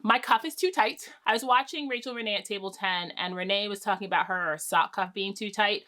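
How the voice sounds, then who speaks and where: A woman's voice: medium pitch, brisk, sharp tone. A young woman hosting a knitting podcast, chatting casually to camera with lots of fillers and restarts.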